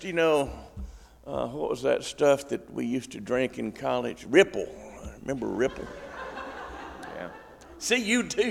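Male preacher, fairly high and gravelly, folksy and joking, in a long-echoing hall. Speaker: pastor. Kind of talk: sermon.

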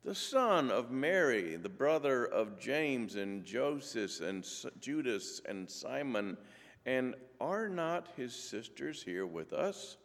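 A man reading scripture and giving a church talk in a measured way with dry humor. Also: mid-range voice, very animated, long reverb tail. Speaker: lay church speaker.

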